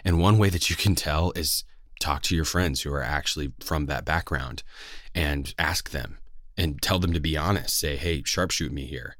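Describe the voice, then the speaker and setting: Man, very deep voice, West Coast American accent, dry close sound, earnest, lots of fillers. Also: moderate pace, fairly bright tone, no echo. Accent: General American, West Coast. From West Coast of the United States. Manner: earnest, rambling, many fillers and restarts. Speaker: voice actor. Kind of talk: casual talk to camera.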